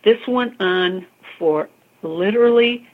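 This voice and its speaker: A woman working as a psychic medium, telling a ghost story in an interview in an expressive, chatty way, over a tinny phone-like line. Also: medium pitch, slow. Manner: expressive, calls the listener honey and girl.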